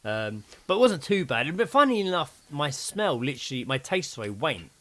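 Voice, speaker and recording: A man's voice: fairly high pitch, normal speed. A man, co-hosting a podcast, telling stories in casual chat, swearing and acting out what people said. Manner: animated storytelling, acting out quotes, swearing. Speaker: podcast co-host.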